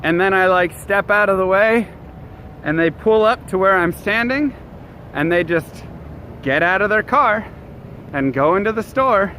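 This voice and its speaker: A man's voice: sits high, expressive, unhurried, bright, forceful tone. A man streaming live while walking outdoors, chatting casually and answering his chat. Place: city street outdoors. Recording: street noise behind.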